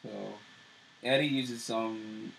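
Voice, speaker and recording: A man's voice: lowish voice, fairly even intonation, takes it slowly, gravelly, a bit bright, a little hiss or hum, poor audio. A man co-hosting a show, casually recapping TV episodes with loose fillers and restarts. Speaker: show co-host.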